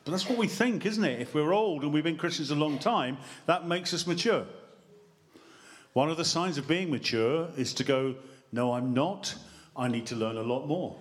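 A man preaching a sermon in church on a handheld mic, lively and joking, drawing the congregation in with questions. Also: fairly high pitch, normal speed. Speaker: pastor. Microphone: handheld microphone.

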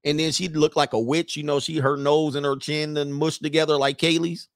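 A man's voice: a little high, a little fast, dry recording, clean studio sound. Joking man hosting reaction commentary. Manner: joking, animated, laughs often. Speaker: host.

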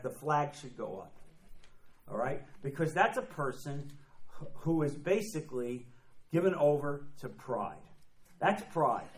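A man preaching in an emphatic, repetitive sermon style, often slipping into quoted voices. His voice sits high, and the sound carries a roomy echo, as in a church sanctuary. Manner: emphatic, repeats phrases, acts out quoted voices. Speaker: pastor. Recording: echoey room.

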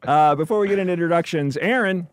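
A man's voice: high voice, quick pace. A man hosting a podcast in a studio, chatting and joking in a rambling way with lots of fillers. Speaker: podcast host. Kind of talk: casual chat. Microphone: studio mic with headphones.

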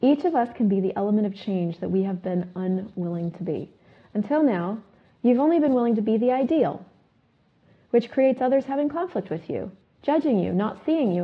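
Woman host, husky voice, self-help talk, questioning, repeats statements, phone-like sound. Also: medium pitch.

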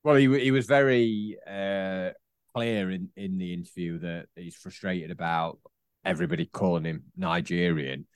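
A man's voice: sits low, normal speed, smooth, no room sound, clean studio sound. A man co-hosting a casual football podcast, rambling and teasing his co-host with frequent laughs.

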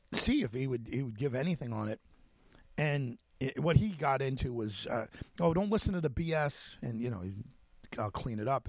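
A radio host telling a story in a monologue, speaking animatedly with many restarts and acting out the quoted conversations. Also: male voice, mid-range voice, no echo. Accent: Long Island.

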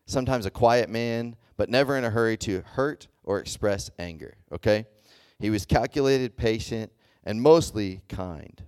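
Youth preacher, male, low voice; loose, chatty delivery, keeps checking the room. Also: darkish tone, smooth, no echo, clean studio sound. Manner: conversational, checks in often with "okay?" and "does that make sense?"; loose and chatty, with many fillers and restarts. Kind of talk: casual sermon to a youth group.

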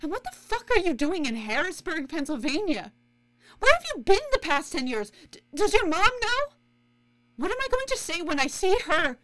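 A heartbroken young mother pours out a bitter, swearing voicemail, as a woman acts her out. Her voice sits very high and bright, leaping all over as she presses her questions. It is a scripted audio drama scene. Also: very animated, normal speed, full character voice, poor audio. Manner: bitter, swearing, raw and pleading. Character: heartbroken woman confronting a lost first love.

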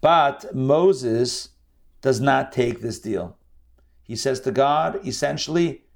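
A man's voice: mid-range voice, animated, slow pace, vocal fry. A man teaching a scripture lesson in an emphatic, conversational storytelling manner. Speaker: Bible teacher.

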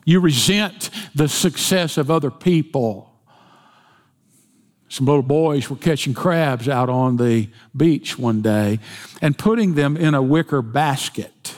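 Preacher in an echoing hall. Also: male voice, mid-range voice, lively intonation, takes it slowly. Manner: folksy storytelling with jokes. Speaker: pastor. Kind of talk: sermon. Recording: long hall reverb.

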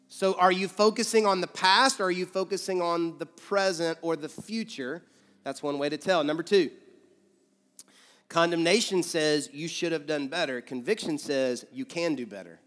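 A man's voice: fairly high pitch, normal speed, a bit bright, in a large hall. A man preaching a sermon as pastor, punchy and direct, acting out accusing and encouraging voices. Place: church.

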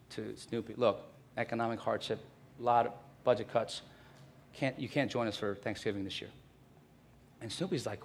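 A pastor preaching a sermon, telling everyday stories and acting out quotes in hushed asides. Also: male voice, mid-range voice, gravelly, slight background noise.

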